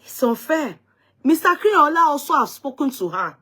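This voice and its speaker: A woman's voice: sits high, sing-song, brisk, pushed and bright. A woman hosting a live-stream talk show, speaking in an emphatic, indignant way and often repeating herself as she recounts a dispute. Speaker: host of an online talk show.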